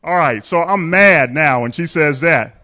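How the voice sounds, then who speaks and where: High-voiced male pastor telling a funny story. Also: a little slow, bright, forceful tone. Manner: candid, humorous storytelling with frequent chuckles; addresses the congregation directly. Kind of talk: storytelling sermon.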